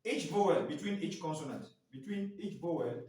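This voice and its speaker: Here a man in his forties, with a fairly high yet darkish voice, speaks expressively at a moderate pace. He's giving a classroom training lecture to staff in an indoor room, quizzing them, spelling out letters one by one, and often tacking a prompting "what?" onto his phrases. Sound is echoey, captured from far away.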